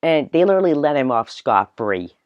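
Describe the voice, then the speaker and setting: A man's voice: fairly high pitch, big pitch swings, a little fast, no room sound. A man hosting a solo podcast, ranting in a rambling way full of filler words. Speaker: podcast host. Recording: dull, dry, lo-fi recording.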